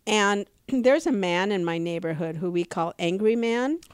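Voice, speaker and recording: Smooth-voiced middle-aged woman storyteller. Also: mid-range voice, a little slow, dry recording, studio quality. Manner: vivid storytelling, acts out quoted voices. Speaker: podcast co-host and comedian. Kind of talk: casual podcast conversation.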